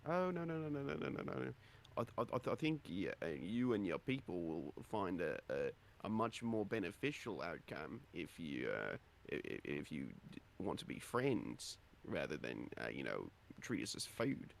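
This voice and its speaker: A man's voice: low-pitched, big pitch swings, normal speed, creaky, few pauses, a little hiss or hum, exaggerated voice. A man voicing a tiny male adventurer who stammers nervously and pleads politely. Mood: flustered. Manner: flustered, stammering.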